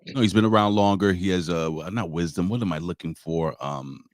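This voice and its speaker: Low-voiced man, enthusiastic and profane. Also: a little fast, no echo, studio quality. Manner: enthusiastic, profane, gropes for words. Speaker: co-host. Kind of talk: casual wrestling review chat.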